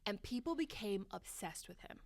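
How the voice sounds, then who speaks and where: A young woman co-hosting a casual podcast, chatty and quick to laugh as she tells a story. Her voice sits in a middle range and is recorded close and dry. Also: mid-range voice, animated, creaky, no echo. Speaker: podcast co-host. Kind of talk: casual chat.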